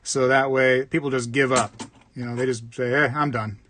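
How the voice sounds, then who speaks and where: A man's voice: medium pitch, level tone, moderate pace, fairly bright tone, slight background noise. A man hosting a casual livestream, rambling and chatting while reading out viewer comments. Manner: rambling, chatty, reads out chat. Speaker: livestream host.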